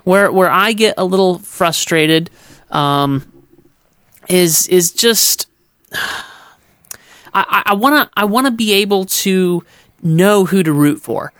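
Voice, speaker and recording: A man's voice: high-pitched, animated, slow, pauses often, a bit bright, no room sound, clean studio sound. A man co-hosting a movie podcast, giving candid opinions in a casual chat and often stammering and restarting his sentences. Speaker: podcast co-host. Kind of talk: casual movie review discussion.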